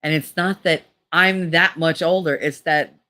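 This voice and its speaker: A woman's voice: low voice, fairly even intonation, a little slow, pushed and bright. A woman in her fifties telling rambling, profane stories in a casual video, laughing often. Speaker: channel host. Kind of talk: casual storytelling.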